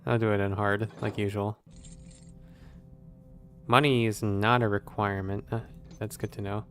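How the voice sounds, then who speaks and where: A man's voice: fairly low pitch, flat delivery, normal speed, fairly bright tone, soft background music. A man playing a stealth video game, thinking aloud in casual commentary with wry, sarcastic asides. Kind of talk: casual let's-play commentary.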